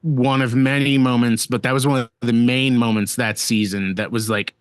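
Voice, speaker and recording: A man guest on a podcast, telling a work story in a casual, animated and profane way, full of restarts, on a dry, close mic. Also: medium pitch, moderate pace, clean tone, no echo.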